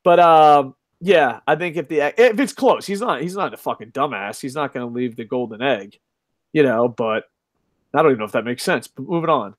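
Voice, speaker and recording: In a studio-quality, dry recording, a middle-aged man living in Japan hosts a laid-back live-stream chat as a podcast host, reading out comments from viewers. He speaks briskly in an expressive, medium-pitched voice. His manner is profane and jokey, with frequent laughter.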